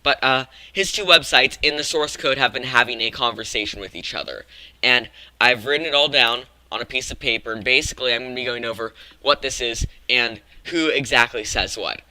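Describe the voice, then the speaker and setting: A man's voice: mid-range voice, brisk, pushed and bright, dry recording, low-quality recording. A man hosting a gaming channel, talking casually through a video-game theory, often restarting and correcting himself. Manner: rambling, frequent self-corrections and restarts.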